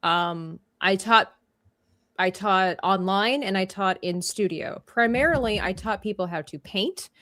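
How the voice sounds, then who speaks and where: A woman's voice: medium pitch, measured pace, fairly bright tone, no room sound, studio quality. A woman hosting a livestream coloring tutorial, a former art teacher who chats playfully and laughs often.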